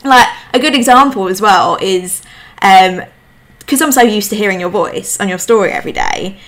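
A woman's voice: mid-range voice, expressive, normal speed, fairly bright tone. A woman with a slight lisp, hosting a casual podcast chat from home and talking in an emphatic, chatty way. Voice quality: lispy. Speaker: podcast host.

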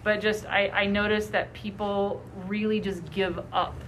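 A woman's voice: medium pitch, level tone, unhurried, a bit bright, a little hiss or hum, poor audio. A woman talking in a podcast interview in a reflective, somewhat hesitant way.

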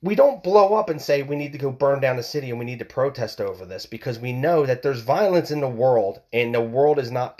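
Heated, blunt man ranting on his podcast. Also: medium pitch. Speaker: podcast host. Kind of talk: opinion monologue podcast.

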